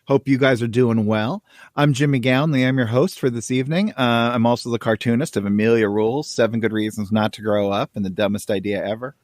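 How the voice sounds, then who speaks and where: A man's voice: mid-range voice, fairly quick, darkish tone, no room sound, studio quality. A man hosting a podcast who welcomes listeners and reads comic strips aloud panel by panel in a friendly, casual way. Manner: friendly, welcoming, talks through each panel. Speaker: podcast host.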